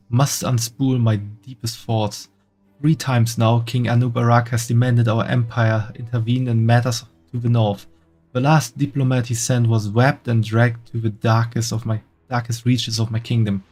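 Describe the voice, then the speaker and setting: A man's voice: mid-range voice, little pitch movement, moderate pace, darkish tone, lightly acted. A man reading as a proud, solemn insect queen.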